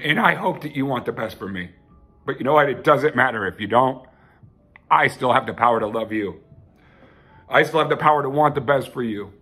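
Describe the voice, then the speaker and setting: Guy doing a loose heartfelt sermon, swears a lot, tense bright husky voice. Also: on the high side. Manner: heartfelt, profane, rambling with restarts. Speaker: self-styled televangelist host. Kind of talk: casual rambling sermon.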